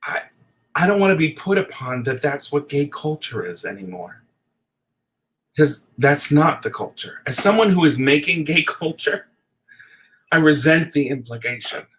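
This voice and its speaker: A man's voice: medium pitch, a bit bright, low-quality recording. A middle-aged man delivering an impassioned, profane late-night rant, at times teary. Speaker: video essayist.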